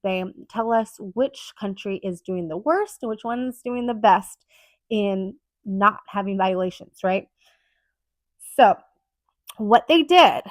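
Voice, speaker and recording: Woman, podcast host, solo monologue, earnest, emphatic, rambling, medium pitch, dead dry sound. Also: a bit bright, no room sound.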